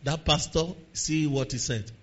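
A man with a Nigerian accent preaching a sermon to his church, moving between quiet talk and shouted prayer. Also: on the high side, a little slow, dull audio. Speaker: pastor. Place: church service.

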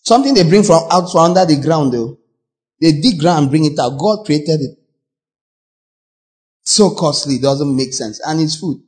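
A man with a Nigerian English accent preaching a sermon as pastor, animated, acting out voices with sudden shouts. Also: a little high, normal speed, long pauses.

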